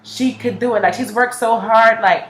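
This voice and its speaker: In a music reaction video, a young woman chats casually and gushes, stuffing every sentence with "like" and slang. Her voice is a little high and moves at normal speed, heard in an echoey room.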